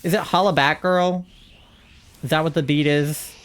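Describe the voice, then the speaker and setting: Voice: medium pitch, moderate pace. Chatty, rambling young-adult streamer. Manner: rambling and chatty, laughs often. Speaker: live streamer. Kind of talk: casual chat while streaming a game.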